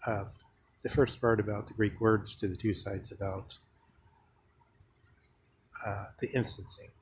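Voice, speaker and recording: A man giving a slow, halting philosophical monologue, full of pauses and fillers. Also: fairly low pitch, a little hiss or hum. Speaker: speaker on philosophy.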